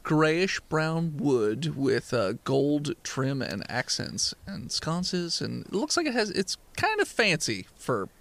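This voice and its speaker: A man acting as game master in a tabletop game, describing scenes playfully with pauses and fillers. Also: a little high, big pitch swings, vocal fry, fairly bright tone.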